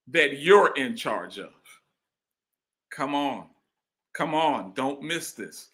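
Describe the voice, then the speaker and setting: A man delivers a sermon with an animated, swinging delivery. His voice is bright and forward, and he repeats phrases to drive points home, calling out to the congregation. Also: fairly high pitch, measured pace, pauses often. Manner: call-and-response preaching, repeats phrases. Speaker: preacher. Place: church.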